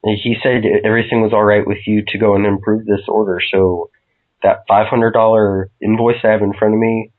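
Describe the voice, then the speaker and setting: Guy pranking as a support rep, fake polite, lowish voice, phone-line tinny. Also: little pitch movement, a little fast. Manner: mock-polite, baiting. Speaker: prank caller posing as customer service.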